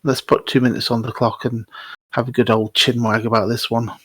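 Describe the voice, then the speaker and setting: A man's voice: medium pitch, little pitch movement, a little fast, a bit bright, slightly rough, no room sound. Chatty man with a dry, close sound. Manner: chatty, laughs often, stumbles over restarts. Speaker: podcast host. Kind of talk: casual sports podcast chat.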